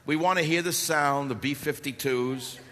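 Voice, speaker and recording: A talk radio host giving an impassioned, sarcastic political speech to a live audience, shouting at times. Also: male voice, on the high side, moderate pace. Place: large hall before a live audience. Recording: echoey hall with faint background noise.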